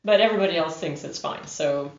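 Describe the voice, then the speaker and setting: A woman audiobook narrator talking about her work in a lively, expressive way. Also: low voice, fast talker. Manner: lively, expressive, acts out examples. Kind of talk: interview answers, casual. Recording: dull roomy recording.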